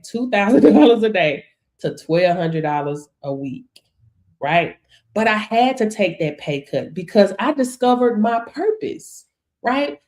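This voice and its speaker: A middle-aged woman giving a motivational talk on a live stream, animated and preachy, laughing often and calling out "right?" and "hello?". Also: fairly high pitch. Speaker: online business coach.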